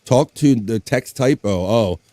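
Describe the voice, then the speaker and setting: A man hosts a casual livestream and reads viewer comments aloud, his voice climbing high with excitement when thanking donors, then dropping back down. The voice sits in a middle pitch and is recorded dry and close. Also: unhurried, no echo. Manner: animated, hypes up donations, jokes crudely. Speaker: livestream host.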